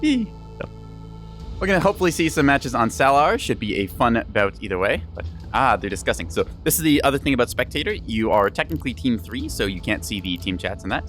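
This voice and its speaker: Lively, chatty young male game streamer. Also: mid-range voice, fast talker, few pauses, faint music behind. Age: young adult. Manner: chatty and rambling, with frequent laughs and teasing asides. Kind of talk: casual live-stream game commentary.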